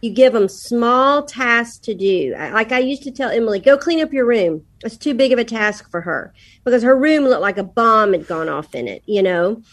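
A woman's voice: on the high side, expressive, normal speed, fairly bright tone. A middle-aged woman speaking as a podcast guest, giving casual parenting advice and telling stories in which she quotes her children. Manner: storytelling, quotes her kids.

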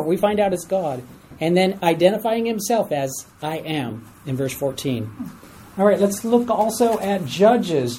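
A Bible study teacher running an interactive class in a room, animated and quick to chuckle, with a mellow, darker tone and a light hum of background noise underneath. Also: mid-range voice, low-quality recording. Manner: animated, asks the class for readers, chuckles at stories.

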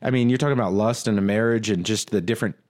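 A man's voice: lowish voice, darkish tone. A married man co-hosting a casual talk about marriage, speaking earnestly and often restarting his sentences. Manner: earnest, halting, many restarts. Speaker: podcast co-host. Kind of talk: casual marriage advice chat.

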